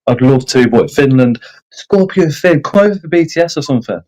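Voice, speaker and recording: A man's voice: fairly high pitch, animated, a little fast, a little mellow, poor audio. A man hosting a casual livestream chat, self-deprecating and reading out viewer comments. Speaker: livestream host. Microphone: streaming setup.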